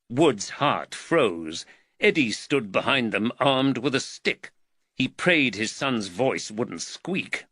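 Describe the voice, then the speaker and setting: A male audiobook narrator reading with measured, expressive storytelling. His voice is bright and his intonation lively. The recording is dry and close to the mic. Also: mid-range voice, no echo. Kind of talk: scripted narration.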